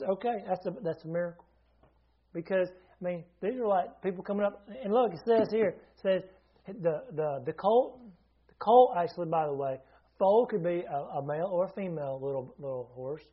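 A man with a somewhat high voice preaches a sermon, teaching in a loose, chatty way. He keeps asking his listeners questions and restarts his sentences, and the recording sounds muffled and lo-fi. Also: normal speed, slightly rough.

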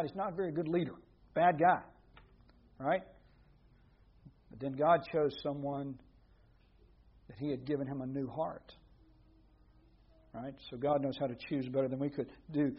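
A man preaching a sermon in a conversational way, with rhetorical questions, dropping to a hush and then rising to emphatic points. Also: fairly high pitch, slightly rough, lo-fi sound.

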